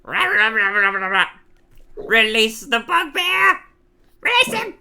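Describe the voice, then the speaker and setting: A woman's voice: low voice, moderate pace, a little hiss or hum. A woman voicing a boisterous goblin leader who chants and bellows orders to start a fight in a tabletop game. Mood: rowdy. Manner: loud rallying chant, bellowed commands.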